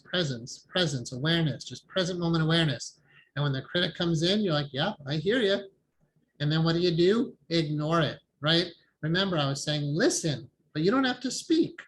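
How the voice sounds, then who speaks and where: A man teaching an online meditation support group in a calm, conversational way, laughing often. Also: a little high, a little fast, low-quality recording. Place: home, online video call. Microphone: video call microphone.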